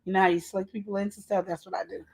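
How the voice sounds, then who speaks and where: A woman's voice: medium pitch, level tone, racing, gravelly, husky. A woman hosting a casual live show, chatting and teasing as she talks straight to her viewers. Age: adult with a child. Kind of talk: casual live-stream chat.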